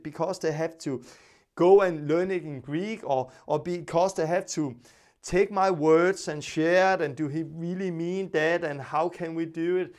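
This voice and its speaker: A man's voice: on the high side, a little mellow. A man teaching a Bible lesson in earnest, repetitive English, often restarting and acting out quoted speakers. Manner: non-native English with frequent restarts.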